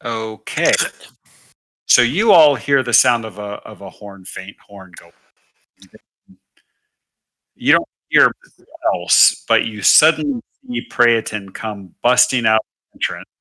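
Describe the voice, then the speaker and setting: Bright-voiced man running a tabletop game. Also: mid-range voice, slow pace, pauses often, poor audio. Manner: relaxed, explains rules step by step. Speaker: dungeon master.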